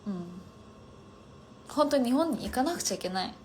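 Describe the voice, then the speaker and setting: A woman's voice: fairly high pitch, expressive, fast talker. Young woman, casual livestream chat, phone mic, rambling with fillers, faint room hum. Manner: rambling, filler-heavy, often trailing off quietly. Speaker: livestreamer chatting with viewers.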